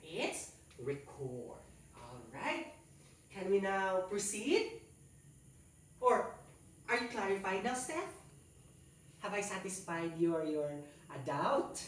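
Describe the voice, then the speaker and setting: A woman teaching a class live, her pitch leaping high as she coaxes students to ask and answer. She speaks slowly and deliberately. The sound is echoey and distant, picked up by a camera far off in the classroom. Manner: animated, coaxing questions to students.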